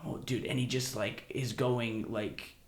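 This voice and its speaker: A man hosting a podcast in loose, profane chat, drifting off-topic and laughing along. His voice sits at an ordinary middle pitch for a man. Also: steady tone, unhurried, roomy sound. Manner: rambling, profane, laughing often. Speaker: podcast host. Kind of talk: casual chat.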